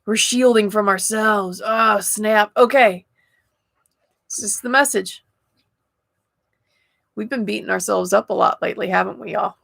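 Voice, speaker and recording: A woman's voice: mid-range voice, fairly even intonation, measured pace, creaky, long pauses, a bit bright, dry recording, studio quality. A woman hosting a spiritual livestream, chatting casually with viewers while she reads oracle cards and laughs often. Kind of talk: casual live chat reading oracle cards.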